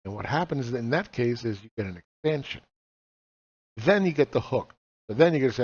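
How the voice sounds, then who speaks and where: A man's voice: medium pitch, lively intonation, fairly quick, darkish tone, slightly rough. Forties guy walking thru charts, blunt, swears a lot, keeps asking questions, bit dull lo-fi audio. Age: 40s. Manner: blunt and profane, fires rhetorical questions. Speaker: market analyst teaching chart reading. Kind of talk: casual chart walkthrough lesson. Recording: slightly dull lo-fi recording.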